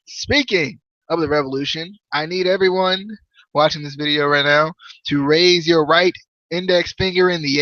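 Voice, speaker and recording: A man hosting a podcast, chatting casually and jokily about a wrestling show in a rambling, animated way. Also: a little high, no room sound, muffled recording. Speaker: podcast host. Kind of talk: casual wrestling review chat.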